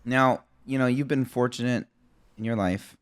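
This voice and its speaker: A man hosting a podcast who asks his guest questions in a relaxed, conversational way. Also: mid-range voice, moderate pace, clean tone, no echo. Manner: conversational, short affirmations. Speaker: podcast host. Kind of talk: casual interview.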